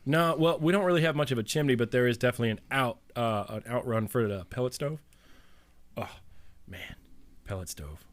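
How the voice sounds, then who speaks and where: A man's voice: mid-range voice, a little fast. A man cohosting a podcast, chatting in a loose, swearing way. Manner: profane, animated. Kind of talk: casual banter.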